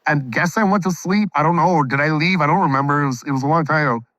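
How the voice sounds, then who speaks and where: A man's voice: on the high side, quick pace, fairly bright tone, no echo, low-quality recording. A middle-aged man casually retelling his own story, loose and profane, acting out the people he quotes. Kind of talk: casual anecdote.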